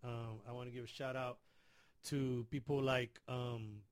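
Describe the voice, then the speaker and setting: A man's voice: mid-range voice, flat delivery, unhurried, no room sound. A middle-aged man chatting casually as a podcast host, rambling and repeating words, growing emotional as he talks about family. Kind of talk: casual chat.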